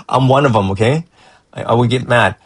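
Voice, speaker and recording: Husky-voiced man tutoring math. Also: mid-range voice, moderate pace, no room sound, poor audio. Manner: encouraging, rambling with frequent restarts. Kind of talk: reviewing a student's work.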